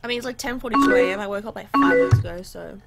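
A woman's voice: medium pitch, very fast, creaky, loud music behind the voice. A woman hosting a gaming channel, reading both sides of a chat game's messages aloud in a chatty, reactive way.

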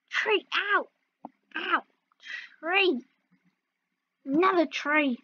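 A woman's voice: high voice, lively intonation, slow, pauses often, lo-fi sound. A woman casually commenting as she plays a video game, playfully yelping and groaning at each fall. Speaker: gaming video host. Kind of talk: casual let's-play commentary.

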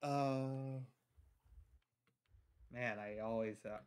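A man roleplaying a god-like character in a livestream, talking slowly and haltingly with plenty of ums and restarts. His voice is smooth and resonant, at an ordinary middle pitch. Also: fairly even intonation. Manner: halting, many fillers and restarts. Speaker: lore roleplayer playing a god figure. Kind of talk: casual roleplay chat.

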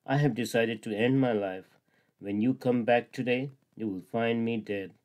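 A man's voice: medium pitch, normal speed, a little mellow, natural voice. A man reading as a sly, demanding crocodile wife.

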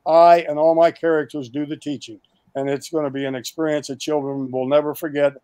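On a video call, an older male guest pitches his educational project, rattling off animated, emphatic lists and often restarting his sentences. He talks a little fast, and his voice is clear and resonant on a dry recording.

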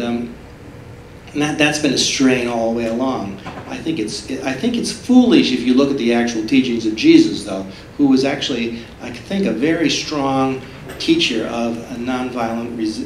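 A man giving a public talk as an author, telling stories in an animated way and acting out the voices in them. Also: mid-range voice, a little hiss or hum. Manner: animated storytelling, acts out voices in his retellings. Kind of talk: public lecture. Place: public library talk room. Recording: roomy library hall from a distance.

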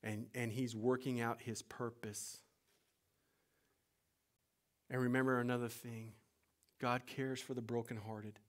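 A middle-aged man preaching a sermon, moving from loud, urgent appeals to hushed, whispered storytelling. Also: mid-range voice, level tone, normal speed. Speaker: pastor.

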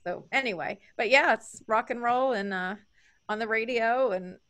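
Female co-host, bright-toned and slightly high, chatty and bubbly. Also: normal speed. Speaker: podcast co-host. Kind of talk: casual interview chat.

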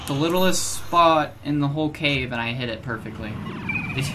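A young man around twenty recording let's play commentary on a headset, excitable and given to loud, swearing outbursts of frustration. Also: a little high, normal speed. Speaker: gaming video host. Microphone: gaming headset. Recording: music playing underneath. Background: background music.

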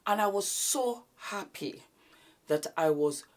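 A woman hosting an etiquette vlog, talking to her viewers and moving between big loud greetings and soft, hushed demonstrations. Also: medium pitch, lively intonation, slow pace. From Nigeria. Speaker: etiquette vlogger. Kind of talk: casual etiquette lesson to camera.

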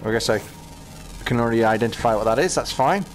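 A British man casually commenting as he plays a VR game, chatting to himself with quick exclamations. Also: medium pitch, faint music behind. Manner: chatty, talks to himself while playing, exclamations. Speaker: gaming channel host.

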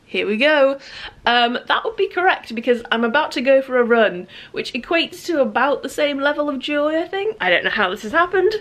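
A woman's voice: high-pitched, animated, a little fast, a bit bright. A woman vlogging casually at home with a groggy morning voice, chatting in a self-deprecating way. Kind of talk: casual vlog chat. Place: home bedroom and office.

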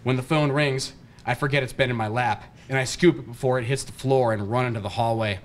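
A man, an author, reading his novel aloud at a bookshop in a steady, deadpan way. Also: mid-range voice, fast talker.

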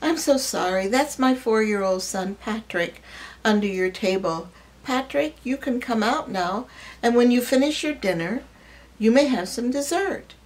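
A shy young mother , voiced by a woman, speaks politely and apologetically. Her voice sits a little higher than the reader's own, in a storybook reading. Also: expressive, measured pace, low-quality recording. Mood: apologetic.

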